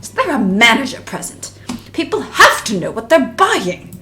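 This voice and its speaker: A woman voicing a pompous Victorian-styled gentleman with an English accent, speaking in a stiff, formal, haughty way. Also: a little high, sing-song, normal speed, soft background music. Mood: indignant.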